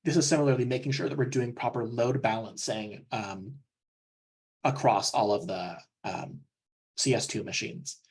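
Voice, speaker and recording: Male trainer, young adult, husky voice, relaxed explanatory delivery with frequent fillers. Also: medium pitch, moderate pace. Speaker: technical trainer. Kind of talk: technical training presentation.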